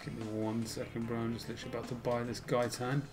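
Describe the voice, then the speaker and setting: A young man as a guest in a gaming video, casual and quick to exclaim at bad luck. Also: medium pitch, completely flat delivery, darkish tone. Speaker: guest co-host.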